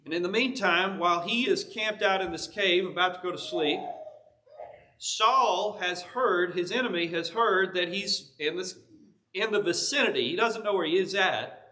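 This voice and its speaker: Brief: male preacher, high and bright, casual storytelling sermon in a church. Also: normal speed. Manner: conversational storytelling with vivid retelling.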